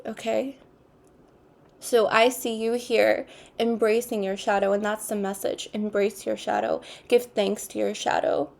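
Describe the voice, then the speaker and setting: A woman giving an intuitive tarot card reading, speaking in an unhurried, earnest way and repeating her spiritual phrases. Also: mid-range voice, level tone, vocal fry, darkish tone. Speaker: tarot reader.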